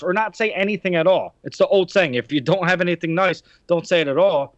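A man's voice: high voice, brisk, hardly any pauses, no echo. Indignant man ranting on a podcast. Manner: indignant ranting, rhetorical questions. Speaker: podcast host. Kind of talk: heated podcast discussion. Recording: dry, dull lo-fi sound.

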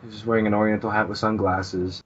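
A man's voice: on the low side, little pitch movement, fast talker, highs cut off, slight background noise. A male podcast co-host in casual chat, hesitantly retelling a manga plot with a lot of "and he goes.". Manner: hesitant storytelling, repeating "he goes" before each line.

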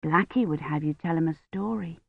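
A woman as a soft, gently firm young woman. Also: low voice, a little fast, vocal fry, husky, dry recording, phone-quality sound, heavily acted. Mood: gentle. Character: patient young woman caring for a child.

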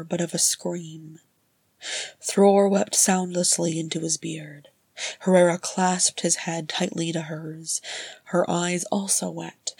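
A woman reading a story aloud in a measured, even narration. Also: fairly low pitch, vocal fry, slightly rough, dry recording. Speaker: audiobook reader. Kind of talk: scripted narration.

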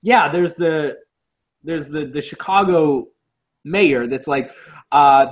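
A man's voice: a little high, takes it slowly. Sarcastic man riffing on a bad movie. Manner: sarcastic, swears freely, animated. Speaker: podcast co-host. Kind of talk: casual movie review chat. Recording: dull lo-fi audio.

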